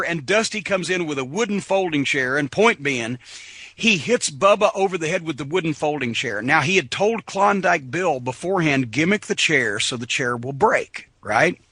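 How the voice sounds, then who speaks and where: A middle-aged man with a high, sharp, bright voice tells wild stories as a podcast guest. He swears freely and laughs through his lines. The sound is close and completely dry. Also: no echo. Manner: animated, profane, laughs often. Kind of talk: casual storytelling.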